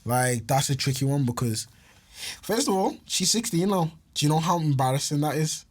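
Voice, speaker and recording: A man's voice: fairly high pitch, animated, normal speed. A young man, co-hosting a podcast in slangy, laugh-filled casual chat. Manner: laughs often, slangy banter. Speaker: podcast co-host.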